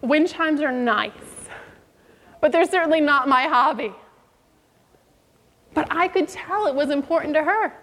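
A woman's voice: sits high, measured pace, pauses often, a bit bright, in a large hall. A woman preaching a sermon, telling a story and acting out the voices in it. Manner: storytelling, acts out quoted voices.

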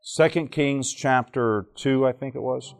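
Man, from Alabama, church teacher, playful storyteller, quizzes the room, mid-pitched voice. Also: a little slow. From Alabama, southern United States. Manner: joking storyteller who quizzes the audience. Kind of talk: teaching talk to a live audience.

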